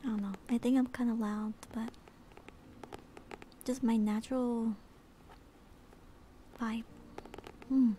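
A female livestreamer chatting in whispered role-play, soft and bubbly, at home at night. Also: a little high, steady tone, takes it slowly, long pauses, a little hiss or hum.

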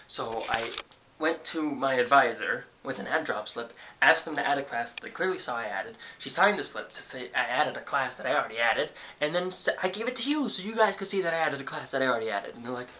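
A young man, a college student, telling a sarcastic, animated story in a casual vlog from his dorm room. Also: mid-range voice, fast. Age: young adult. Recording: dull lo-fi webcam audio with hiss.

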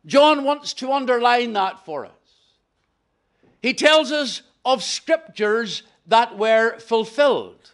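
A man with a Northern Irish accent preaching a gospel hall sermon, slow and emphatic, with sudden drops to a near hush. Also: extremely high pitch, lively intonation.

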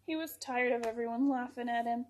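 A woman reading a picture book aloud to children, gentle and expressive. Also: fairly high pitch, fairly quick.

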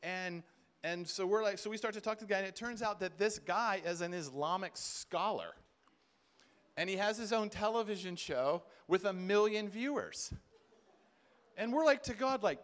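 A man speaks from a conference stage in an animated storytelling style. He adds humorous asides and acts out the voices in his anecdotes. His voice sits a little on the high side for a man. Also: moderate pace. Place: conference stage before a live audience.

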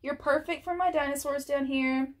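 High-voiced, gushing woman vlogger. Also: normal speed. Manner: gushing, excited, laughs often. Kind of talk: casual unboxing vlog.

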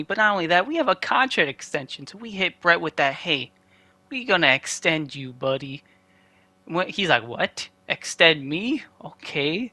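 A young man runs through a video game recap in quick play-by-play, tossing in dry asides. His voice sits a bit high and sounds bright and forward, recorded close and dry with no room sound. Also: no echo. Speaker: gaming channel host. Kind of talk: casual game commentary recap.

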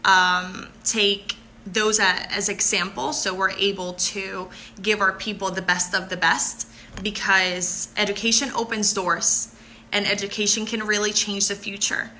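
A pageant contestant from Puerto Rico in her 20s chats effusively with viewers on a live stream, bubbly and quick to thank and laugh. Her mid-range voice is bright and forceful with a level tone, and there is slight background noise.

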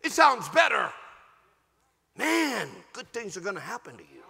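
Male pastor, fervent preaching, bright forceful tone, very animated pitch. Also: a little slow, vocal fry, pauses often, long reverb tail, some chatter behind, a little hiss or hum. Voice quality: emphatic, fervent preaching delivery with shouted peaks. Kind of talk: sermon. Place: large church sanctuary.

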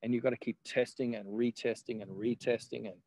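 A man's voice: mid-range voice, steady tone, fairly quick, darkish tone, dry recording, low-quality recording. A man, a guest in casual conversation, rambling with laughs and the odd swear word.

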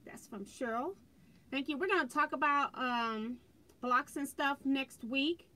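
A woman's voice: sits high, a little slow, bright, forceful tone. A woman hosting a quilting livestream from home, chatting casually and greeting viewers by name as she reads their comments on a phone. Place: indoors at home, fireworks outside.

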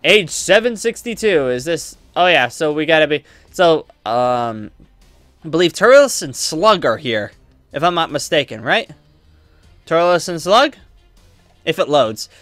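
A man giving let's play commentary, excitable and rambling, trash-talking his opponents as he plays. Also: fairly high pitch, unhurried, no echo, soft background music. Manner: excitable, trash-talks opponents while playing; rambling with many fillers. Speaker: gaming channel host.

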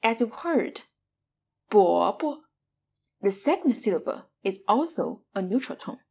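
A woman's voice: on the high side, very animated, normal speed, a little mellow, breathy edge. A woman teaching Mandarin pronunciation, modeling each syllable with exaggerated tones in a scripted lesson.

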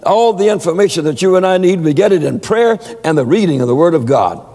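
A man's voice: a little high, expressive, fast, dark tone, big-room sound. A man preaching a sermon, telling stories with many stammered repeats. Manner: storytelling with frequent stammered repeats.

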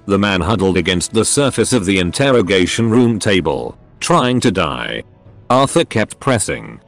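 A man narrating a story in a steady reading voice. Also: lowish voice, a little slow, faint music behind.

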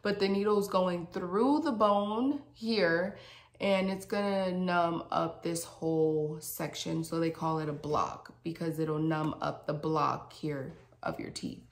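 A woman dental hygienist with a low, slow voice tells a dramatic storytime straight to her viewers. She's animated and slangy, keeping it casual as she addresses them directly.

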